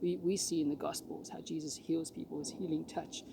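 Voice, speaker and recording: A man's voice: a little high, level tone, brisk, creaky, background noise. A man giving an informal devotional talk, casual and rambling with frequent restarts. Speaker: preacher.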